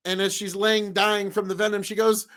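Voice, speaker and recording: A man's voice: high-pitched, level tone, moderate pace, a bit bright. A man streaming live, giving rambling, emphatic commentary as he reacts to his chat, hammering points home by repeating them.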